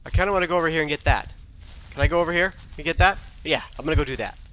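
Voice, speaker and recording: A man commentating his own play of a scary game, talking to himself and yelping and shouting when startled. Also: a little high, racing, a little hiss or hum. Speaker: gaming video host. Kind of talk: live gameplay commentary.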